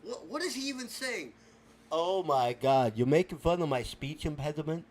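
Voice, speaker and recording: Male performer as a touchy guest with a speech impediment: high, swooping voice, garbled words. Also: lively intonation. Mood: indignant. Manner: garbled, mixed-up words, touchy and quick to take offense. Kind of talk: comedic character sketch.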